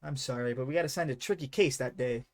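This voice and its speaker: A man voicing a brisk female police officer, reading game dialogue aloud in a flat, plain delivery. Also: medium pitch, lightly acted. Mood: matter-of-fact.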